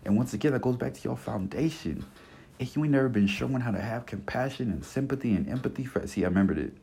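A man's voice: medium pitch, expressive, fast, gravelly, dark tone, husky. A man in his twenties giving a blunt, passionate solo podcast rant, full of slang and cursing, circling back and repeating his points. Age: 20s. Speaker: podcast host. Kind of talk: casual monologue rant.

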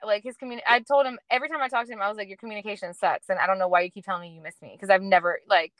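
A woman's voice: mid-range voice, rapid-fire, no echo. A woman co-hosting a casual podcast, animatedly retelling conversations and acting out both sides, with lots of "like". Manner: animated storyteller who acts out both sides of conversations, heavy use of "like". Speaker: podcast co-host. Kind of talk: casual chat, storytelling.

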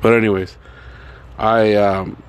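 A man tells a rambling personal story in a casual way, swearing constantly and padding it with "like" and "you know." His voice is lowish and clean-toned, with a flat delivery and slow pace.

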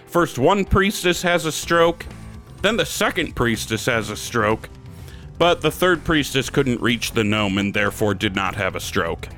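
A man from Wisconsin co-hosts a casual gaming podcast and tells crude jokes in a loose, chatty way, now and then dropping into silly character voices. His voice sits at an ordinary middle pitch, with faint guitar music behind him. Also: expressive, measured pace, fairly bright tone. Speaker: podcast co-host. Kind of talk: casual joke-telling chat.

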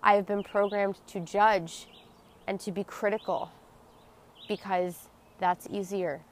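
Woman podcast host talking it through, earnest and open, mid pitch, goes soft and hushed sometimes. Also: steady tone, slow pace, slight background noise. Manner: earnest, confessional, emotionally open. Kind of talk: personal reflective monologue.

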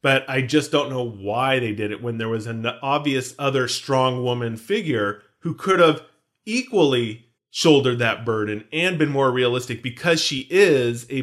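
A man's voice: medium pitch, a bit bright. Guy on a podcast, casual film chat, goes on tangents, pokes fun at himself. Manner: jokey, rambling, self-mocking. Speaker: podcast co-host.

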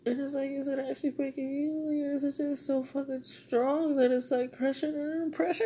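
A woman's voice: high-pitched, steady tone, brisk, hardly any pauses, warm tone. A young woman podcaster venting in a raw, rambling monologue, swearing and tearful.

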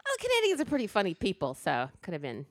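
A woman's voice: medium pitch, huge pitch swings, quick pace, no room sound. A woman hosting a podcast, telling rambling stories in casual chat and laughing often. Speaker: podcast host. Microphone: podcast mic.

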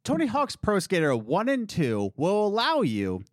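Hosting a casual commentary podcast, a man jokes around in an animated, wordy way, restarting sentences and circling back on his points as his pitch swings up and down. He keeps a measured pace, and the sound is dry and close to the mic with no echo.

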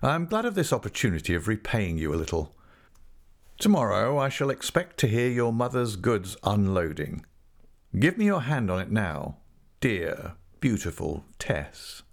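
A man reading an overbearing young gentleman suitor. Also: mid-range voice, wildly swooping pitch, moderate pace. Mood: insistent. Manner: insistent, coaxing, overbearing. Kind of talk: audiobook character voice.

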